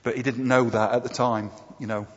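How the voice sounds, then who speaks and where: A man's voice: medium pitch, flat delivery, brisk. A man giving a conversational sermon with slides, often asking his listeners tag questions. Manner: conversational, asks the congregation tag questions, hesitant fillers. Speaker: preacher. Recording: dull, echoey hall recording.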